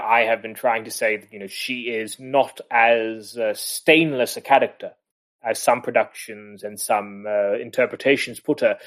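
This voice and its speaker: A man co-hosting a podcast in a casual literary discussion, rambling with many restarts and chuckles. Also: medium pitch. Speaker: podcast co-host.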